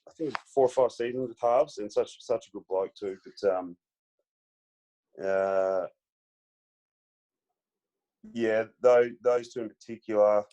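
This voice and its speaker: Podcast guest: relaxed Australian man, lowish voice, rambling anecdotes. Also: measured pace, long pauses, muffled recording. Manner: laid-back storyteller, many fillers, acts out quotes. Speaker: podcast guest, former footballer. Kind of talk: casual storytelling chat.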